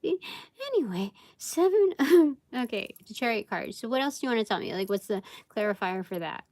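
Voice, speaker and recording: A woman's voice: mid-range voice, fast talker, dry recording. A woman giving a casual live tarot reading, rambling and thinking aloud with many fillers. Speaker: tarot reader.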